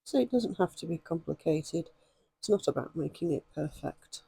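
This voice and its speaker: A woman with a hoarse voice, chatting and rambling with many ums as she demonstrates stitching in a craft vlog. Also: low-pitched, animated, normal speed, dark tone, no room sound. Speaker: craft vlogger.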